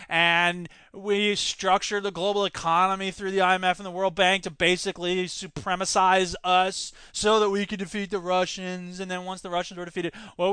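A man hosting a solo podcast, reading news items aloud and commenting on them with sarcasm and quick jumps between topics. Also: high-pitched, a bit bright, smooth, no room sound. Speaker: podcast host.

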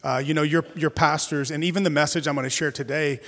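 A man in his forties preaching as a guest pastor, chatty and animated, with playful storytelling asides. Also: on the high side, fast. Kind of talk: sermon. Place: church sanctuary. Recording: reverberant church hall.

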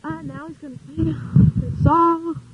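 A woman's voice: sits high, steady tone, takes it slowly, a little hiss or hum. A woman playing a scatterbrained female radio show host who loses track mid-introduction, in an old comedy sketch. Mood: flustered. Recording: tinny lo-fi old sketch recording.

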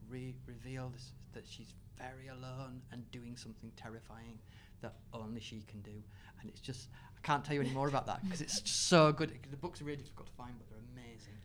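A man speaking as an author on a live panel discussion, enthusiastic, with quick asides and laughter. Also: mid-range voice, slight background noise.

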